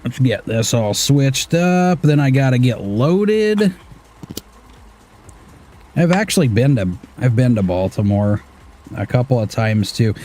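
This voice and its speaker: A man's voice: mid-range voice, sing-song, slow pace, pauses often, mellow, slight background noise. A man in his thirties from Washington State, casually talking through an off-road driving game, muttering to himself and swearing now and then. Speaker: gaming streamer. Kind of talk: casual gameplay commentary.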